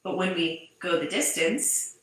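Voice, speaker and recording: A woman's voice: fairly low pitch, unhurried. Candid, swearing woman coach in an echoey room. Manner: candid and animated, swears freely, emphatic repetition. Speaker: business mindset coach. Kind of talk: casual motivational talk to camera.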